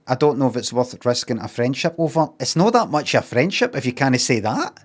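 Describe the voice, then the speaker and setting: A middle-aged Scottish man with a Glaswegian accent, chatting casually on a livestream, rambling and deadpan, acting out bits of mock dialogue. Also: medium pitch, a little fast. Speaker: streamer. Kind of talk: casual livestream chat with chat readers.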